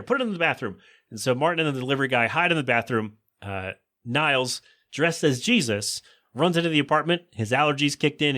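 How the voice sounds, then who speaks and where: A man hosting a podcast, recapping a sitcom episode in a casual, joking way and quickly voicing the characters' lines. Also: mid-range voice, bright, forceful tone. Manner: chatty, joking asides, quick quoted voices of characters. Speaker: podcast host.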